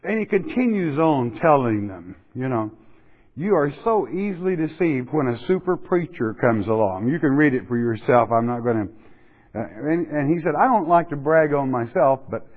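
A man's voice: mid-range voice, animated, normal speed. A man preaching a sermon in a folksy, joking way, drifting into asides while he reads and explains scripture. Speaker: pastor. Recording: tinny phone-like audio.

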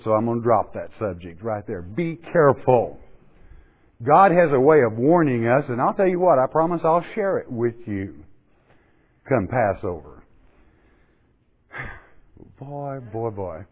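A man preaching a sermon in a folksy, joking way, drifting into asides while he reads and explains scripture. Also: medium pitch. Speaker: pastor. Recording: tinny phone-like audio.

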